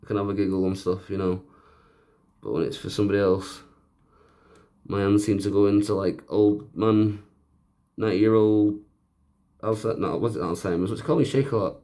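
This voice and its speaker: A man with a fairly low voice talks a viewer through fixing a handheld console. He keeps up a loose, joking commentary full of self-mocking asides as he works. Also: fairly even intonation, brisk, long pauses, dark tone. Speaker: repair video host. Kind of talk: casual narrated repair tutorial.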